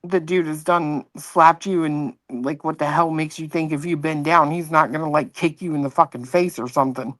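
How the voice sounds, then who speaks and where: A woman co-hosting a casual chat, relaxed and drawling with many likes. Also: low-pitched, moderate pace, few pauses, no echo.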